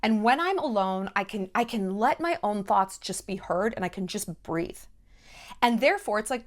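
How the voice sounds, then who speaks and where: A woman's voice: mid-range voice, lively intonation, normal speed. A woman hosting her own vlog, talking straight to camera in a blunt, emphatic way, swearing freely and hammering her points with short repeated phrases. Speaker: vlogger host. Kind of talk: direct-to-camera monologue.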